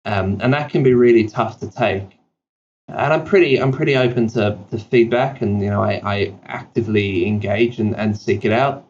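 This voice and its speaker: This fairly low-pitched, darkish voice comes through dull audio with a little hiss or hum. The speaker is a South African CEO whose accent blends British and South African; as a podcast interview guest, he tells self-deprecating stories fast, often using fillers and starting over.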